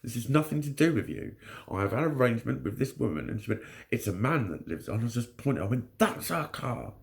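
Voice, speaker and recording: Blunt, sweary man with a gravelly voice. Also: medium pitch, sing-song, fairly quick. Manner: blunt, heavy swearing, frequent laughs. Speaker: vlogger. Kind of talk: casual storytelling to camera.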